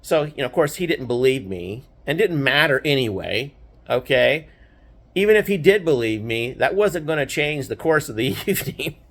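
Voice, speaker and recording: A man's voice: mid-range voice, sing-song, normal speed. An older man telling a childhood memory in a loose, rambling way, often checking in with "right?" and laughing wryly at the grim parts. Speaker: grandfather storyteller. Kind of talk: casual personal storytelling.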